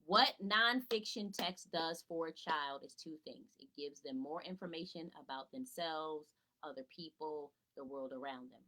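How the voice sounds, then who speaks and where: Speaking from home in a casual live teaching talk to parents, this woman tutor and educator has a low voice, talks at a normal speed with hardly any pauses, and sounds pushed and bright. She is chatty, greets viewers by name, and poses rhetorical questions only to answer them herself. The recording quality is low.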